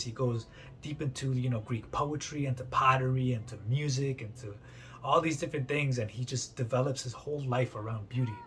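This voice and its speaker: Casual man retelling a story, faint music. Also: mid-range voice. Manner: chatty retelling full of "like" and "you know", acts out quotes. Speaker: book summary presenter. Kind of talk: casual spoken book summary.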